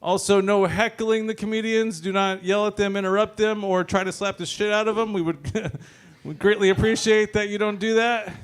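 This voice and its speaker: A man with a fairly high voice works a brewery open mic stage, telling stand-up stories in a loose, joking way. He swears freely and chuckles between lines, speaking into a handheld stage mic. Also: steady tone, moderate pace, smooth. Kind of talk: stand-up comedy set.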